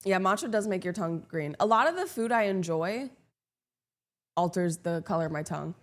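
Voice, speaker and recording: Deadpan sarcastic young woman streamer. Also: fairly low pitch, a little fast. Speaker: live streamer. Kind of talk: casual live-stream chat with viewers.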